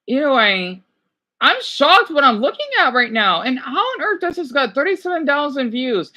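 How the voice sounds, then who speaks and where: High, lively, exasperated middle-aged streamer. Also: male voice, moderate pace. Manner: heated, exasperated ranting. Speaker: livestream host. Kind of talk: livestream reaction commentary.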